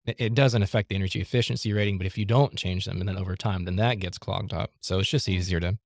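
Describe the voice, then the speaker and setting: A man's voice: deep voice, fairly even intonation, quick pace, vocal fry, no echo, studio quality. A man who works as a home inspector, answering questions in a casual podcast interview in a practical, easygoing way.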